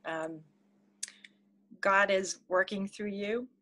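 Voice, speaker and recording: A woman's voice: medium pitch, fairly even intonation, slow, sharp tone. Heartfelt grateful woman guest. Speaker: program participant, guest. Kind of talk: casual video interview.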